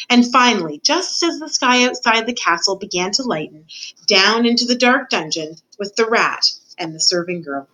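A woman's voice: fairly high pitch, a bit bright, low-quality recording. A woman reading a children's novel aloud, speaking directly to the listener and making the odd small slip. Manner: addresses the listener as reader, with small slips. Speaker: reader.

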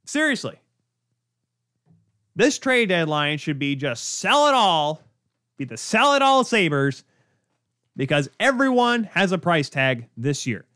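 Young male sports podcast host, fairly high and very animated, ranting in exasperation on a close, dry mic. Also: takes it slowly, long pauses, dry recording. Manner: ranting, exasperated, rhetorical questions. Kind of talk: solo sports podcast rant.

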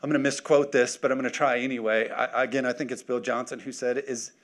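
A man in his thirties preaching a sermon as pastor, energetic and full of joking asides. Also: mid-range voice, quick pace.

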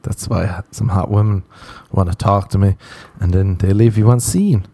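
Irish man, comic monologue, crude, self-mocking, lowish voice, dry close sound. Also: moderate pace, gravelly, warm tone, husky, no room sound. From Ireland. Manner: crude, self-mocking, laughs at own jokes. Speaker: comedian. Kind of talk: comedic monologue.

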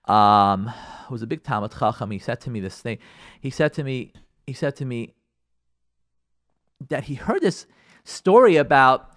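A male radio show host telling a story on air in a rambling, conversational way, acting out the dialogue of the people in it. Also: mid-range voice. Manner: animated, acts out quoted dialogue in the stories; rambling, with frequent fillers and restarts.

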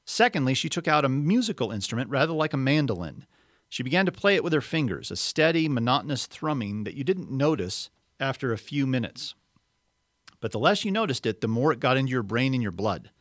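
A man reading a story aloud expressively, pausing for explanatory asides. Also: mid-range voice, big pitch swings, a bit bright, no echo, studio quality. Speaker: reader.

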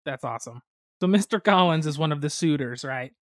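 A man from the United States, co-hosting a podcast, telling board-game stories in a lively, chatty way with sudden fast bursts. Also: on the high side, dry recording, clean studio sound. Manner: animated storytelling, quick bursts of speed. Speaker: podcast co-host. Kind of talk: casual chat about board games.

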